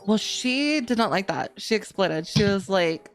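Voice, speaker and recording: Young woman, podcast co-host, rambling casual storyteller, mid-range pitch. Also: lively intonation, unhurried. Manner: rambling, many "like" fillers.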